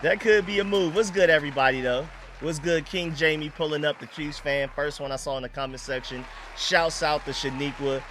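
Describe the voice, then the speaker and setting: A man hosting a casual sports fan live stream, excitable and slangy, greeting chat viewers by name. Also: fairly high pitch, a little fast, hardly any pauses, a faint crowd, slight background noise.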